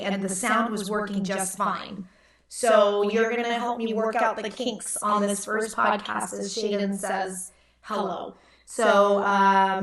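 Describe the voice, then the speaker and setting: A woman's voice: medium pitch, distant mic. A woman in her thirties hosting a casual live stream from home, chatty and playful, cooing at her baby, recorded on a computer mic in an echoey room. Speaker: host.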